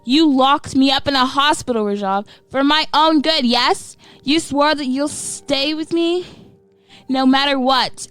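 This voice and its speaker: A woman voicing a dead wife who has come back as an eerie possessed ghost, speaking softly in a lifeless, honey-sweet way. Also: sits high, unhurried, dry recording, soft background music. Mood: eerie accusing.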